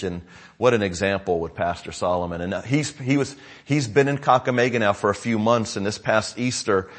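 A middle-aged American man preaching to his congregation, telling stories in a loose, conversational way with frequent asides. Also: on the low side. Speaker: pastor. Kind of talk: sermon update to a congregation.

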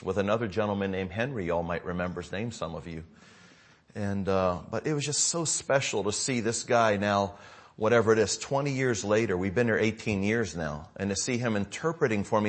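A middle-aged American pastor with a lowish voice preaches briskly with lively intonation. His sermon update to the congregation unfolds as loose, conversational storytelling with frequent asides.

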